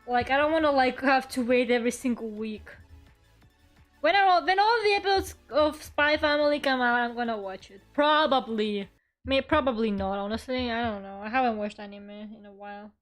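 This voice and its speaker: Soft music plays behind a woman whose voice is on the high side and moderately paced. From her own room she rambles through casual live-stream chat, talking to her viewers and swearing from time to time.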